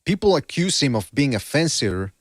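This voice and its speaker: Podcast host, male, excitable rhetorical style, dry mic. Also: medium pitch, fairly quick, no room sound. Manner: animated, repeats himself, rhetorical questions. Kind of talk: casual boxing podcast banter.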